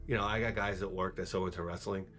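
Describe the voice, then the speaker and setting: A man's voice: sits low, steady tone, fast talker, a bit bright, soft background music. A middle-aged man chatting casually while streaming a game, rambling and profane, with wisecracks. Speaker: gameplay streamer. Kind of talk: casual chat while gaming.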